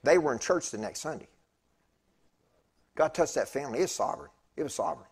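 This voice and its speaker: A man preaching a sermon, telling a story with animated swings between loud bursts and hushed tones. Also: on the high side, fast talker, breathy edge.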